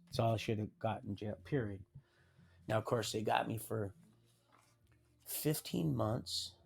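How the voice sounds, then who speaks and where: A man talking in a loose, rambling way, often breaking off mid-sentence and starting over. He reads papers aloud and drops wry comments between the lines. His voice sits at an ordinary, middle pitch. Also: creaky, a little mellow. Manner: halting, many restarts and trailing sentences. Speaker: livestream host. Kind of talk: rambling personal storytelling.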